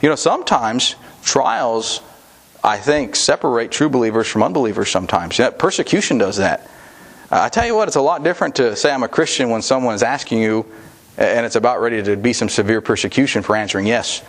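A man's voice: mid-range voice, expressive, fairly quick. Man preaching a conversational sermon. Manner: conversational preaching with restarts and asides. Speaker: pastor.

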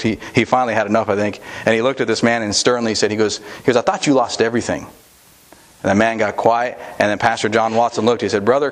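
A man delivering a sermon to his congregation, talking through his points in a plain, conversational way. He speaks at a middle pitch and stops now and then to restart a phrase or add an aside. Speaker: pastor.

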